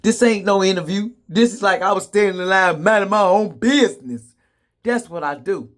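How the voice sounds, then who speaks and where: A man's voice: high voice, moderate pace, a bit bright. A man telling comedic stories to the camera in a sassy, blunt way, laughing often. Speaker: vlogger. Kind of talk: casual comedic storytelling.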